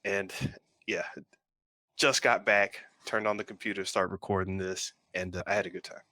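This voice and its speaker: A man with a low voice co-hosts a pop culture podcast, telling a rambling story in casual chat. He retells it animatedly at normal speed, and the recording has no echo.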